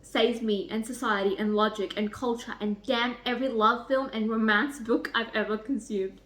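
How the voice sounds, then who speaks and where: A woman reads a defiant, guarded young woman who answers back with quick, pointed lines. The voice is fairly high but sits a little below her own excited chatter. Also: natural voice. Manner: read aloud from a novel, slightly lower than her own chatter.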